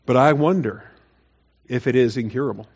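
A man's voice: medium pitch, moderate pace, slightly rough, dull audio. A man preaching a Bible sermon in a conversational way, rising to emphatic, mocking quotes of the people. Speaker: pastor. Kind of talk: expository sermon.

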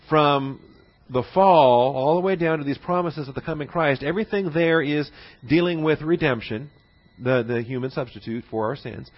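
A man teaches a Bible class in a relaxed lecturing voice, pitched a little high. He keeps checking in with his listeners as he goes. The recording sounds dull and lo-fi, as if from an old classroom tape. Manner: conversational, checks in often with "all right?" and "see?".

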